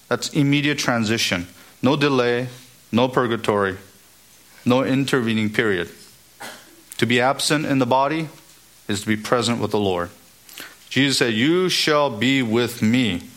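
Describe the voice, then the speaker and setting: Man, pastor, emphatic sermon, rising exclamations, mid-pitched voice. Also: a bit bright.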